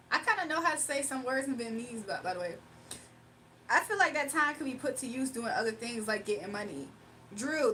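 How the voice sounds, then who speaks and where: A woman's voice: a little high, fairly bright tone, a little hiss or hum. A young woman from Virginia, hosting a livestream and reading out chat comments in a playful, sassy way with frequent laughs. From Virginia, United States. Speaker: livestream host.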